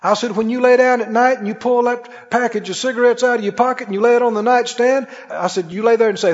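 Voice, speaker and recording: A high-pitched man preaches to his congregation, playing out both voices of a story and climbing to forceful peaks. His voice rings in a large church hall with a long reverb tail. The recording sounds slightly muffled and dull. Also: a little fast, hardly any pauses. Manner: storytelling preacher who acts out both sides of a dialogue, rising to emphatic peaks. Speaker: pastor. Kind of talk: sermon. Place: church sanctuary. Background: congregation calling out amens.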